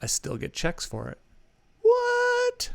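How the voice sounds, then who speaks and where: A man's voice: medium pitch, lively intonation, moderate pace, bright, forceful tone, smooth, no room sound, clean studio sound. A man co-hosting a podcast, telling a long rambling anecdote in casual chat. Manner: rambling anecdote with many fillers and restarts. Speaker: podcast co-host.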